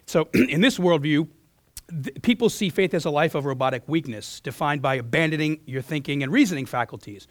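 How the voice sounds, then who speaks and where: A man preaching a sermon in a church as pastor, his voice hoarse from losing it, earnest, often restarting and clearing his throat. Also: a little high, fairly quick, dry recording.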